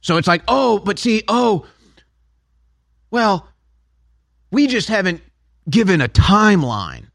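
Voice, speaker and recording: A man's voice: sits high, big pitch swings, slow, gravelly, pauses often, no echo. A man hosting a talk radio show, delivering a sarcastic, heated opinion monologue in a studio.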